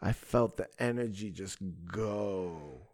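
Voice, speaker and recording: A young man, a comedian and podcast host, telling a profane, animated story in casual chat. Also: fairly low pitch, slow pace, a crowd in the background. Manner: profane, animated storytelling with frequent "bro" and "right?".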